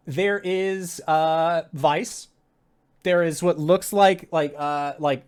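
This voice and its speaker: Slow, casual tabletop game master. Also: mid-range voice. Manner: casual, loose, with frequent fillers and mild swearing.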